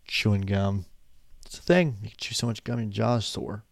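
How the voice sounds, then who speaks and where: A young man in his twenties rambles through a casual monologue, drifting off on tangents and yawning as he goes. His voice is low and gravelly, and it sits close and dry on the desk microphone with no room sound around it. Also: normal speed, no echo. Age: 20s. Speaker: vlogger.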